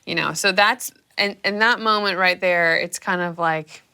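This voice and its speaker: Bright, animated young woman with vocal fry. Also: fairly low pitch, normal speed. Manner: animated, acts out her own past reactions. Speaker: guest telling her story. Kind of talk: casual storytelling.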